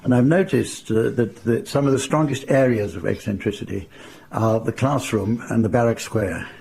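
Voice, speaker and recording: Older English raconteur, gravelly, mid-pitched, dry understated delivery. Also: male voice, warm tone. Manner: dry, unhurried, wry understatement. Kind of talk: anecdotal storytelling to a live audience.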